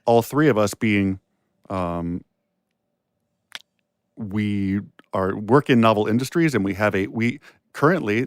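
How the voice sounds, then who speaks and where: A man's voice: fairly low pitch, no echo, clean studio sound. A man co-hosting a podcast, chatting reflectively with many restarts. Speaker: podcast co-host and producer. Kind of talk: casual podcast chat.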